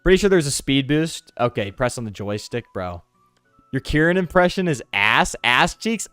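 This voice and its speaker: Young male gaming streamer, animated joking delivery, dry close mic, faint game music under him. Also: medium pitch, moderate pace, clean tone, no echo. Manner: loud joking, reads in-game text aloud. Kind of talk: casual let's-play commentary.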